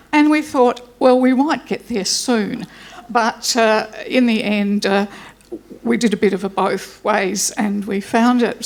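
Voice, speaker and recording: A woman gives a chatty, self-deprecating welcome speech before introducing a guest lecturer. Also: a little high. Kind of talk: informal anecdotal welcome speech.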